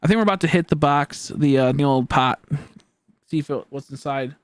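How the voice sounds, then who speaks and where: A man's voice: fairly high pitch, brisk, no room sound. A young man chatting on a gaming live stream, tired and goofy, with silly joking banter. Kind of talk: casual live-stream chat.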